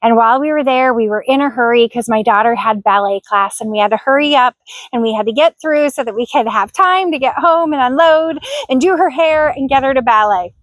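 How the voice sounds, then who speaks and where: A woman's voice: sits high, a little fast, no room sound. A middle-aged woman telling a personal story to camera, earnest and heartfelt, sometimes moved to tears. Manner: earnest, heartfelt, emotional at times. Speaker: vlogger.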